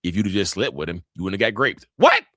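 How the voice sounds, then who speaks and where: A man's voice: deep voice, quick pace, pushed and bright, dry recording, studio quality. A man chatting casually on a livestream, reacting to viewer comments in a blunt, emphatic way that repeats phrases for effect.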